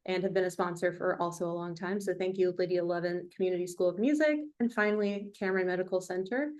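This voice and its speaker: A woman's voice: lowish voice, fast talker, darkish tone. A young woman co-hosting a casual podcast, reading sponsor thanks and event details in a friendly way. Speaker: board member co-host.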